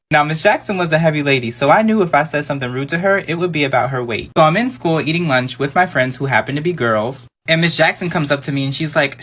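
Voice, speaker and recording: A male speaker telling a personal storytime in a casual, chatty way, acting out quoted lines as he goes. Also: on the high side. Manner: chatty, animated retelling with quoted voices.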